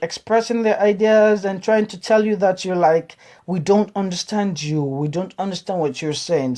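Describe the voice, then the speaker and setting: A woman from Africa with an African English accent, telling her story in an interview in a casual, animated way, often repeating words and acting out other people's reactions. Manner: animated, acts out quoted reactions with big pitch jumps; repeats words and restarts phrases. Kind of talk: casual personal account.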